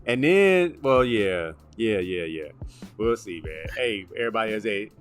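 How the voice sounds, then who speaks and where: A man co-hosting a sports show, talking through favorite movies in a casual, animated way and tacking "man" onto lines. Music plays faintly underneath. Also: fairly low pitch. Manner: animated, drawn-out "man" asides.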